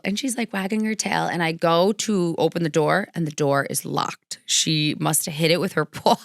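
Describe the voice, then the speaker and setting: A young woman hosting a podcast, telling a story in a casual way, animated and laughing often, her voice jumping high when excited. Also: dry recording, studio quality. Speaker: podcast host.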